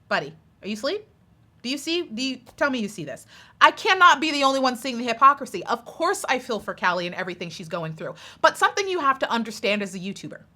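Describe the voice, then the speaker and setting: Sassy, exasperated bright-voiced woman. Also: on the high side. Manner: blunt, sassy and exasperated, with rhetorical questions. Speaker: YouTube commentator. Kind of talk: casual commentary rant.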